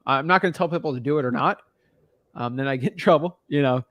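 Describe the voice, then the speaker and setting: A man's voice: mid-range voice, fast, fairly bright tone, no echo, clean studio sound. A man coaching a newcomer on real estate wholesaling in a casual, blunt, slangy way.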